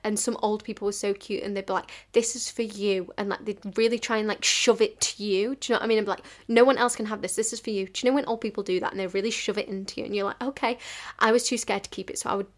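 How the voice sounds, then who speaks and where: A woman's voice: mid-range voice, steady tone, racing, few pauses. A woman, hosting a podcast in casual storytelling style, full of "like" fillers and acting out the people in her stories. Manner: chatty, fillers like "like", acts out quoted dialogue. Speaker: podcast host.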